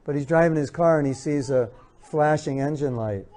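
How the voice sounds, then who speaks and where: A man's voice: a little high, normal speed, darkish tone. A man giving an earnest lecture on marriage to an audience, repeating his key points and acting out what spouses say. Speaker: speaker giving a talk on marriage. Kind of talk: spiritual lecture with audience questions.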